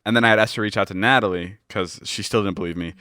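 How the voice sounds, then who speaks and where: A man's voice: on the low side, quick pace, dry recording, clean studio sound. A man hosting a casual podcast, telling stories with lots of swearing and acted-out quotes. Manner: animated storyteller, acts out quoted texts, swears freely. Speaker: podcast host. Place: podcast studio.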